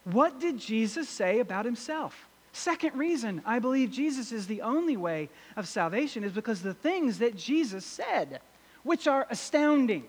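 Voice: mid-range voice, very animated, moderate pace. A preacher giving a sermon, reading and repeating scripture verses and asking the congregation rhetorical questions. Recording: long hall reverb.

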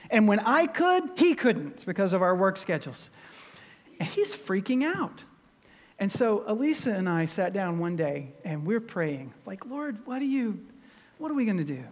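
A middle-aged man preaching a sermon as pastor, earnest and storytelling, rising in pitch and volume for emphasis. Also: long reverb tail.

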